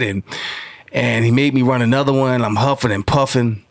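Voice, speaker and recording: A man's voice: medium pitch, steady tone, fairly quick, no echo. 40s guy rambling through old stories, lots of ums, dry close sound. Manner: rambling with many fillers and acted quotes. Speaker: guest. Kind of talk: casual storytelling interview.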